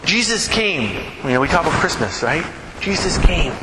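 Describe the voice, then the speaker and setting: A middle-aged male pastor preaching a sermon, asking the congregation rhetorical questions and moving between hushed and raised delivery. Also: a little high, sing-song, normal speed. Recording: echoey hall with background noise.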